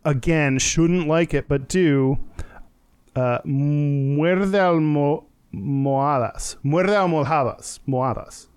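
A man with a fairly high, smooth and clear voice, chatting casually as a podcast co-host. He rambles, breaks into giggles and fills gaps with "um" and "like". He sounds close to the mic in a dry room with no echo. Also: takes it slowly, darkish tone. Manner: giggly, rambling, lots of laughter and filler words. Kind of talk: casual chat.

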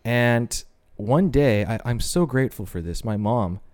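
On a podcast, a man gives his personal faith testimony as a sincere, casual story, performing the voices of those he quotes. His voice is mid-range and somewhat dark, with lively intonation and a slightly slow pace.

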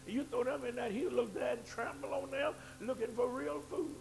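A man preaching a sermon in church, swinging between low asides and shouted, fervent climaxes. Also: fairly even intonation, normal speed, gravelly, slight background noise.

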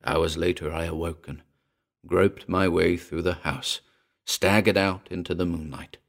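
A man with a very deep voice reads a first-person horror story aloud. His tone is grave and measured, with a gravelly texture running through his low notes. He paces the tale slowly and keeps it dark and serious. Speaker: narrator. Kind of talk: dramatic horror story reading.

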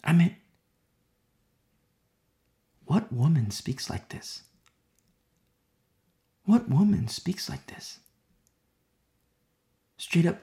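A preacher giving an impassioned sermon, repeating phrases for emphasis and dropping to hushed whispers between louder passages. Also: mid-range voice, very animated, very slow, gravelly, long pauses. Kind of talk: expository sermon.

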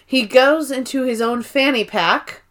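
A woman co-hosting a podcast, recapping a movie in an animated, laughing way. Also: high voice, unhurried. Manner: animated, laughing retelling with frequent fillers. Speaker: podcast co-host. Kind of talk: casual chat recapping a movie.

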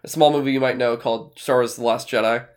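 A man's voice: mid-range voice, steady tone, fast, clear, resonant tone. A man co-hosting a casual podcast, rambling with fillers and restarts, swearing now and then. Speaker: podcast co-host. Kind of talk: casual chat.

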